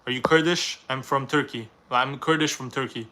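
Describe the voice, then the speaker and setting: A man's voice: mid-range voice, a little fast, pushed and bright, slight background noise. A young man from Canada, reading viewers' questions aloud on a live stream and answering them in a casual, rambling way.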